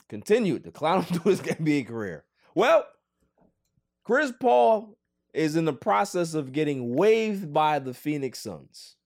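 A man co-hosting a casual sports podcast, joking and pleading in an animated way. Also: a little high. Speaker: podcast co-host.

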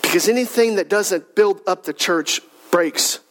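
A man's voice: high voice, measured pace, fairly bright tone, poor audio. A male pastor preaching a sermon in a conversational style, with rhetorical questions, humorous asides and repeated emphatic lists.

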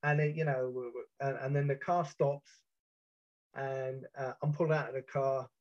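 A British man telling a first-person account of a past ordeal, intense and halting, with frequent restarts. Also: mid-range voice, level tone. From Britain. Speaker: storyteller. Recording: muffled lo-fi recording.

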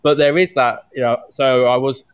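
A man co-hosting a casual chat, thinking aloud with many halting restarts. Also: medium pitch, fairly even intonation, clean tone, no echo. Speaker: podcast co-host.

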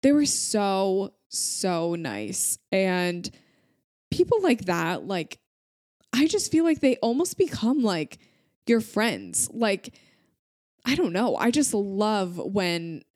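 A woman's voice: mid-range voice, sing-song, takes it slowly, darkish tone, dry recording, studio quality. A woman in her thirties hosting a podcast, reading out listener stories and gushing over them in an emotional, chatty way with lots of fillers. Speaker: podcast host. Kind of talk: reading listener stories aloud, casual chat.

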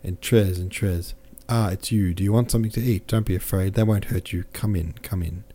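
A man's voice: deep voice, steady tone, brisk, mellow. A man reading an eager shy teen soldier. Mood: gentle.

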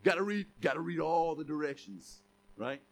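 A man's voice: on the high side, animated, moderate pace. A man preaching a sermon to a congregation, emphatic, often asking rhetorical questions. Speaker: pastor.

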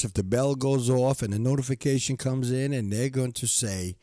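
A man's voice: medium pitch, fairly even intonation, brisk, few pauses, no room sound. An older man hosting a motivational podcast alone, giggling often and repeating his phrases as he talks into a studio microphone. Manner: giggly, warm-hearted, repeats himself. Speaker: podcast host. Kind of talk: casual motivational monologue.

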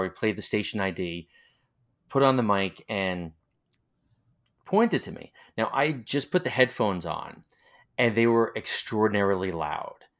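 A man with a Long Island accent and a lowish voice rambles through nostalgic stories in a relaxed interview. He sounds like he is in his forties. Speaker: interviewee, former college radio announcer. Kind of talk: casual reminiscing interview.

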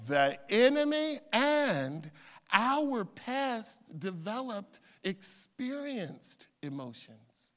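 High, animated preacher man in reverb. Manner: preacher swinging from hushed asides to loud shouts. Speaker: pastor. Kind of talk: sermon. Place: church sanctuary. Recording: long church hall reverb.

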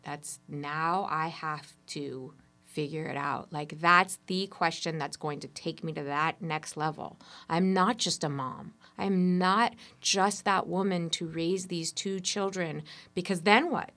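Low, gravelly-voiced woman telling her story. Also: slow. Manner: animated, expressive storyteller. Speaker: entrepreneur guest. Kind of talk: personal storytelling in an interview.

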